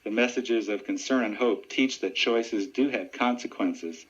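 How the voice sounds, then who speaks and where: A man who works as a deputy sheriff and ventriloquist, answering radio interview questions in an earnest, steady and informative way. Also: on the low side, unhurried. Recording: dull lo-fi radio audio.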